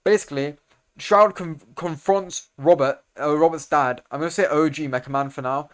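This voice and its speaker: Young man, casual comic recap, slangy and rambling, fairly high voice, smooth and clear. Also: moderate pace. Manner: rambling, slangy, self-correcting, gets loud and excited over fight scenes. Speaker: video creator explaining comics.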